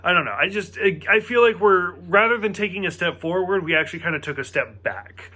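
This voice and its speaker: Man, high voice, casual TV review, rambling, filler-heavy, exasperated. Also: lively intonation, a little fast, bright, forceful tone. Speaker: TV episode reviewer.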